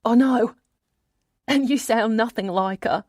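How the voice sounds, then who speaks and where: A woman's voice: a little high, unhurried, a little mellow, no echo, studio quality, voice pushed up. Kindly Australian woman, voiced by a narrator. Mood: gentle. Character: warm middle-aged Australian woman, kindly.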